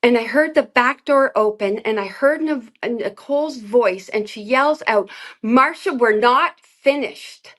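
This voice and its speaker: Earnest woman with a higher voice. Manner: earnest, halting, many fillers. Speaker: interview guest. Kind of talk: emotional personal testimony.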